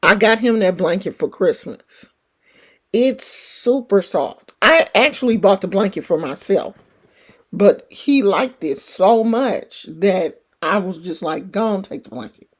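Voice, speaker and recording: A woman's voice: mid-range voice, animated, slow pace, husky. A middle-aged woman with a California country twang, chatting casually and rambling as a livestream host. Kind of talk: casual chat.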